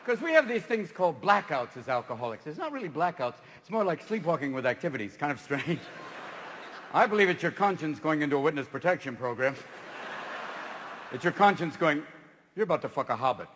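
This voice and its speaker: A man from California doing a live stand-up routine on stage, talking manically and shouting as he jumps between silly voices. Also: on the high side, very animated, a little fast, noisy background. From Marin County, California, USA. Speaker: stand-up comedian. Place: stage in a large theater. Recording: reverberant live hall with ambience.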